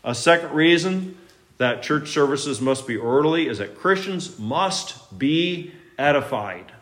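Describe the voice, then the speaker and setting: A middle-aged male pastor preaching a sermon, emphatic, with sudden loud rises and soft drops. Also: fairly high pitch, lively intonation, unhurried.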